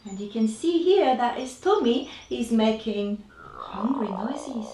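A woman reading her own picture book aloud to children, slow and expressive, voicing the sound effects. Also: a little high, a little hiss or hum. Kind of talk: children's storybook read-aloud. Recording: roomy echo, distant mic.

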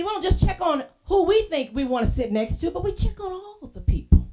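A woman's voice: sits high, brisk, few pauses. Woman preaching with folksy storytelling. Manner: lively storytelling, acting out quoted voices; casual colloquial phrasing. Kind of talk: sermon. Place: church.

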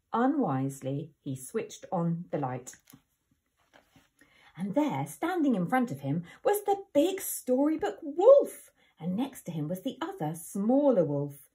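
A woman teacher reading a storybook aloud to children, with expressive, dramatic pauses. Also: medium pitch.

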